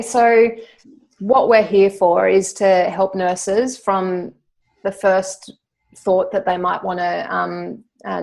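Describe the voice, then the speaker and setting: Australian woman, podcast guest, lowish gravelly voice, chatty and quick to laugh. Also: darkish tone. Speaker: guest, founder of a nurse placement service. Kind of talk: casual interview chat.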